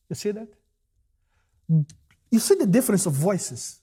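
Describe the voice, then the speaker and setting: A man preaching a sermon in a husky voice that sits high and swings widely in pitch. He speaks slowly and acts out the voices of the people he quotes. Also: big pitch swings, mellow. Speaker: pastor.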